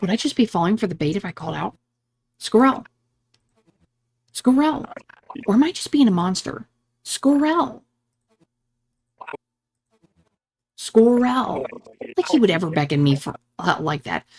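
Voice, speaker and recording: A woman's voice: lowish voice, expressive, fast, hardly any pauses, a little mellow, slight background noise. A woman hosting a gaming channel, reading game dialogue aloud in a let's-play and switching voices dramatically between the characters.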